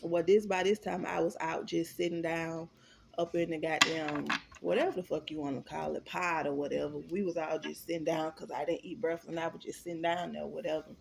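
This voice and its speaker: Animated, swearing woman telling a story. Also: low voice, brisk, vocal fry, slight background noise. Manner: animated, profane and emphatic. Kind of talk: storytime vlog.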